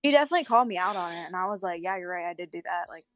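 A woman's voice: lowish voice, animated, very fast, fairly bright tone. A young woman telling a candid story in casual chat, swearing freely.

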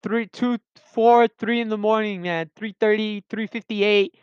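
A man's voice: high voice, steady tone, measured pace, clean tone, no room sound. A young man rambling through personal stories in a casual, slangy monologue, often interrupting himself. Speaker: vlogger telling personal stories. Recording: dull lo-fi sound.

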